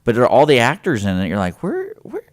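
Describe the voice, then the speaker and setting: A man's voice: lowish voice, fast talker. A man hosting a radio show, chatting casually and acting out quotes as he tells stories. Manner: animated storyteller, acts out quotes.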